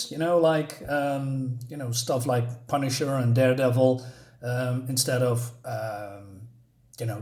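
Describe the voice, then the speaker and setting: A man giving a casual spoken comic book review, rambling and hesitant, with many fillers. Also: medium pitch.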